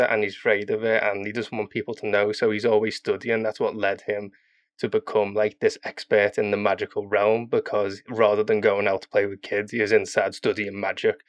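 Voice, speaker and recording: A man chatting casually as a podcast guest, rambling and animated as he explains his game characters. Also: lowish voice. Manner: rambling, animated with quick voice demos. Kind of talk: casual chat.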